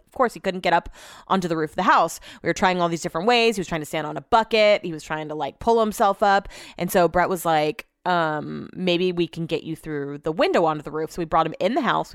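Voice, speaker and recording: A woman's voice: fairly low pitch, dry recording, studio quality. A woman in her thirties hosting a solo podcast, chatty and rambling, swearing freely and filling her talk with "like", feeling emotional. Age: 30s. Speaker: podcast host. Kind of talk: casual solo podcast chat.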